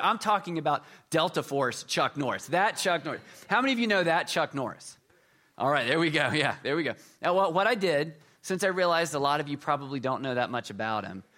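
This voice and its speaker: A middle-aged man preaching a sermon, telling jokey stories and swinging between loud emphasis and quiet asides. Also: on the high side. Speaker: pastor.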